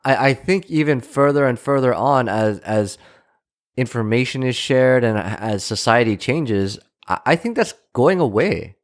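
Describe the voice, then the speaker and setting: A man's voice: medium pitch, expressive, a little slow. Tentative, thoughtful podcast co-host man. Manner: thoughtful and tentative, searching for words. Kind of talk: casual chat.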